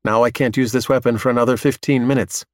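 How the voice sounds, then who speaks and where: A man's voice: mid-range voice, steady tone, quick pace, dry recording, close to an everyday voice. A man voicing a menacing four-legged male robot that presses and threatens, in a dry recording. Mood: cold, pushy. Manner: insistent, threatening.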